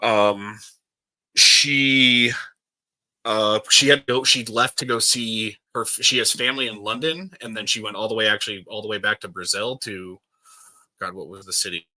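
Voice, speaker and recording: A man's voice: lowish voice, steady tone, moderate pace, bright, forceful tone, no room sound, rough recording. A young man from the States chatting casually, rambling with lots of fillers and restarts. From United States. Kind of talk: casual chat.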